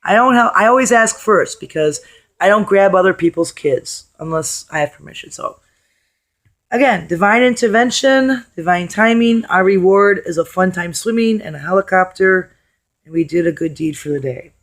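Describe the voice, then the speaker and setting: A woman with a hoarse, worn voice tells a story to her camera in a loose, chatty way. She is blunt and swears casually as she talks. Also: medium pitch, moderate pace. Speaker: vlogger.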